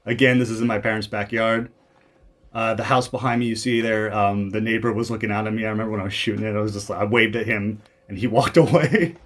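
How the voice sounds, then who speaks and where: A man's voice: lowish voice, fairly even intonation, fast, a bit bright. A young man from Canada giving casual commentary over his own old video, rambling and poking fun at himself, with many fillers and restarts.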